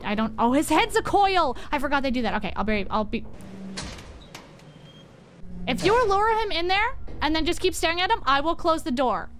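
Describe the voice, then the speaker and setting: A woman's voice: high voice, expressive, moderate pace, pauses often, soft background music. A young woman streaming a co-op horror game, coaching her teammates and swearing freely as she reacts. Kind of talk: live gameplay commentary.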